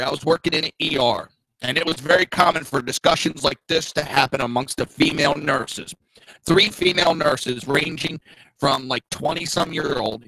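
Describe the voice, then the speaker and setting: A middle-aged man hosts a political talk show in a blunt, profane way, dropping mocking asides. His voice has a gravelly edge and a sharp, bright tone. The recording is dry and close, with no room sound. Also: a little high, dry recording, poor audio.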